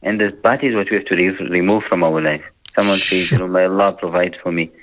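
A man giving earnest religious advice in conversation, speaking slowly and reciting Arabic verses. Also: low voice, steady tone, fairly bright tone, poor audio. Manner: slow, earnest, preacherly, quotes Arabic verses. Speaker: Islamic teacher.

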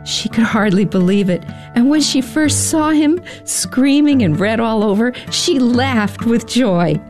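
Slow, gentle woman storyteller. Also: a little high, lively intonation, faint music behind. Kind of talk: scripted storybook narration.

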